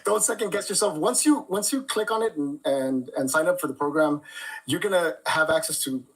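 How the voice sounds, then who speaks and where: A man's voice: on the high side, brisk, breathy edge, rough recording. A man guesting on a livestream interview, chuckling as he talks and stumbling over repeated words. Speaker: guest creator.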